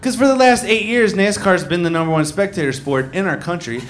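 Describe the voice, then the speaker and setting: High-voiced man doing stand-up. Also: a little fast. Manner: drawling, mocking, acts out characters. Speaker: stand-up comedian. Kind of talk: stand-up comedy routine. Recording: live club audience noise. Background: audience laughter.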